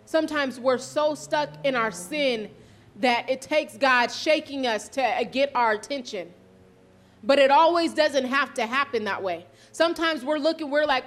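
A woman giving a sermon, reading scripture aloud and explaining it earnestly, slowing down for emphasis and correcting herself now and then. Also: sits high, a bit bright. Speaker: preacher.

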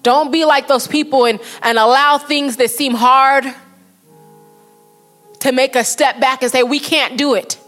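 A woman preaching with earnest conviction, her voice sitting a bit high, and she slows down to read quotes. Faint instrumental music plays underneath her words. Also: steady tone, a bit bright. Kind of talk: sermon.

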